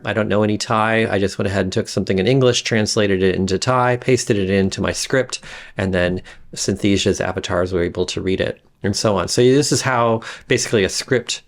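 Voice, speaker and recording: A man giving a casual screen-recorded software tutorial, rambling with frequent fillers and restarts. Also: fairly low pitch. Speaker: instructor demonstrating software.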